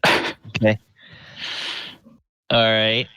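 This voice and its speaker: Deep, slow-talking man running the game. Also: completely flat delivery, pushed and bright, clear, resonant tone, no room sound. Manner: unhurried, halting with fillers. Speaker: dungeon master. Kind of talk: narrating a tabletop game.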